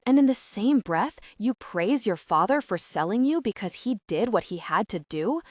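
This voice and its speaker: A woman's voice: expressive, moderate pace, a little mellow, dry recording, lightly acted. Female narrator reading a cold smug mafia king, middle-aged man, purring threats, dry booth. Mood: accusing. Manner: menacing, low purring taunts. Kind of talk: audiobook character reading.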